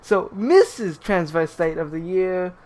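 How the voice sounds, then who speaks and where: A man's voice: high voice, animated, measured pace, darkish tone. A young man commenting on clips, swearing constantly and stumbling over his words as he restarts them. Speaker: YouTube commentator. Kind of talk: profane rant commentary.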